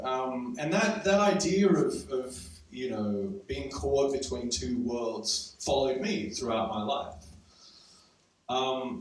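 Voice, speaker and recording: A young man from Serbia, raised in Australia, telling a wry, conversational story to a live audience with frequent ums. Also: mid-range voice. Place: event room before a live audience. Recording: very echoey room from far off, faint noise.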